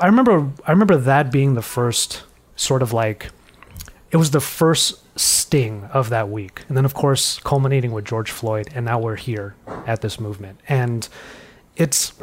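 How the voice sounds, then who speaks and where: Podcast co-host, american man, mid-pitched, animated delivery with laughing asides, headset mic. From United States. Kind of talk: casual conversation.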